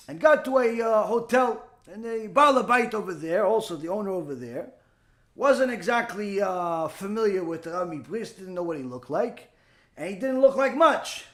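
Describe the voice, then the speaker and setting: A man, a rabbi, telling a story in a Torah lesson and acting out the dialogue with lively delivery. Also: high voice.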